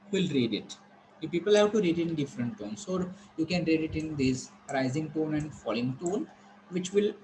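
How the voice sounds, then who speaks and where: A man's voice: fairly high pitch, background noise. Male teacher, patient and repetitive. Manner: slow, repetitive explaining with frequent pauses. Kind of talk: online classroom lecture.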